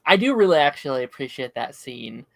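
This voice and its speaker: A man's voice: mid-range voice, very animated, a little fast, gravelly, dry recording. A man co-hosting a podcast, talking thoughtfully and earnestly with lots of filler words. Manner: thoughtful, earnest, many likes. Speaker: podcast co-host. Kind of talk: casual chat.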